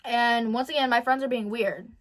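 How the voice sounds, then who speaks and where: A teenage girl talks straight to camera in a casual diary vlog, her voice sitting high. She tells her story with dramatic swings, stops to correct herself, and rushes on. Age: teens. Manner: animated storytelling, dramatic ups and downs, self-correcting. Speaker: vlogger.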